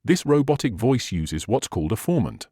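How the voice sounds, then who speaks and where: A man's voice: mid-range voice, big pitch swings, normal speed, warm tone, breathy edge, no room sound, studio quality. A man hosting a synthesizer tutorial, patiently walking through settings step by step with slightly non-native phrasing. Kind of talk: instructional screen walkthrough.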